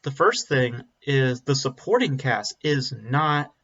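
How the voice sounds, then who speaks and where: Male film reviewer, bright forceful voice, blunt and rambling, slightly dull lo-fi audio. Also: medium pitch, lively intonation, slow. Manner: blunt, rambling, frequent ums and restarts. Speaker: movie reviewer. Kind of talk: casual spoken film review.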